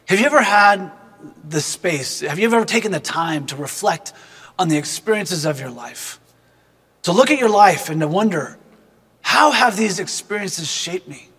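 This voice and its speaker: A man with a high-pitched voice tells a personal story as a devotional reflection. He is earnest and thoughtful and keeps turning to address the listener. His voice carries a long reverb tail. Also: lively intonation, normal speed, a bit bright, husky. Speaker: speaker giving a devotional reflection.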